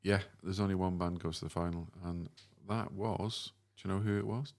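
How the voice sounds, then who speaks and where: A man's voice: deep voice, fairly even intonation, moderate pace. A man from Wales hosting a casual podcast chat, teasing and leading the talk with friends. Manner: chatty, teasing, leads the talk. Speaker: podcast host.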